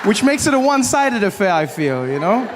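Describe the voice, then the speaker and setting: A young man performs stand-up on a handheld stage mic, telling stories in an animated way with quick asides. His voice sits a bit above the usual male range. Clear background noise runs under the live stage recording. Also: high-pitched. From South Africa. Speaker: stand-up comedian. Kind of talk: stand-up comedy set. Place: comedy stage before a live audience.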